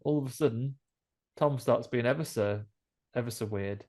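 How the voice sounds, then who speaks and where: A man's voice: mid-range voice, moderate pace, darkish tone. Man recapping a horror film. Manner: chatty, jokey, acts out quoted lines. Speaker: podcast co-host. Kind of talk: casual film recap chat.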